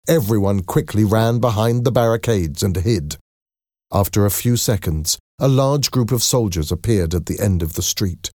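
Male storybook narrator, gravelly, dry close sound. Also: fairly low pitch, expressive, a little slow, darkish tone, no echo.

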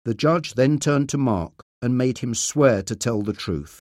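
A man reading a story aloud as narrator, slowly, clearly and deliberately. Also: mid-range voice, animated, a little mellow, no room sound, clean studio sound. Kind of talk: scripted narration of a graded reader.

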